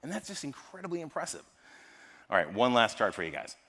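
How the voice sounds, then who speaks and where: An American man giving a lively, joking tech talk at a live conference and quizzing the audience. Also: mid-range voice, fast talker. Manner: lively, jokey, polls the audience. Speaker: conference speaker. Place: large conference hall. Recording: long hall reverb from a live stage.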